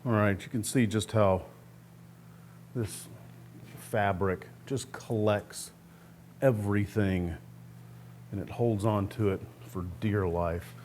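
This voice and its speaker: Brief: man with a lowish voice, relaxed DIY host talking through each step, faint hum behind him. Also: slow pace, pauses often. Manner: relaxed, plainspoken explaining while working. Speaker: host of a guitar restoration channel. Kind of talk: casual step-by-step how-to talk.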